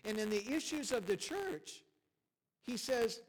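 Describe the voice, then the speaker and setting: A man's voice: very high-pitched, very animated, a little slow, low-quality recording. A man preaching a sermon in a church, talking in a conversational, folksy way with chuckles and emphatic repetition. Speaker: pastor. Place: church sanctuary.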